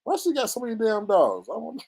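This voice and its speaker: A man doing casual gossip commentary on a livestream, reading chat and talking in an animated, dramatic way with frequent laughter. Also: high-pitched, fast talker.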